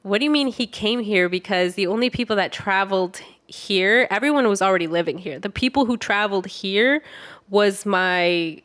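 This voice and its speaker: A woman's voice: medium pitch, normal speed, a bit bright. A young woman co-hosting a podcast, casually telling a story, acting out the quoted voices and swearing freely. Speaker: podcast co-host.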